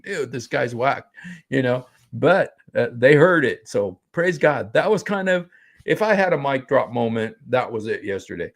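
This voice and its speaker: A middle-aged man with a gravelly, creaky edge to his voice talks in a casual, excited way, laughing as he goes. His pitch sits in an ordinary middle range, and he keeps restarting his sentences as he retells what happened. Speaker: street preacher recounting an outreach encounter. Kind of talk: casual talk over a played clip.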